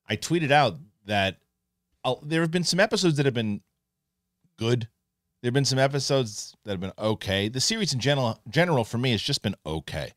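A man hosting an online show, giving a casual spoken review of a TV episode, animated and full of restarts. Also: mid-range voice, no room sound, studio quality. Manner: animated, restarts often, acts out characters in quick asides.

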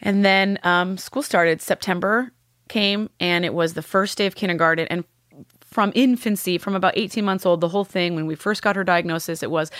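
A woman, a podcast guest, telling a painful personal story candidly, with halting restarts and blunt swearing. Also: mid-range voice, a bit bright, dry recording, clean studio sound.

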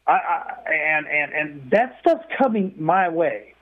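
Older male caller, high-pitched, upset and stammering, heard over a tinny phone line. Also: sing-song, slow. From Texas. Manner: upset, stammering and repeating words. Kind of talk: phone-in call.

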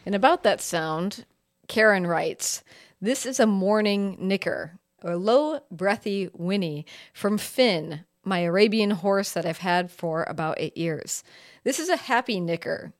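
A woman hosts a podcast in a cheerful presenter voice, introducing segments and reading listener letters. Her voice sits at a middle pitch, and the recording is dry and close. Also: measured pace, no echo. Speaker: podcast co-host.

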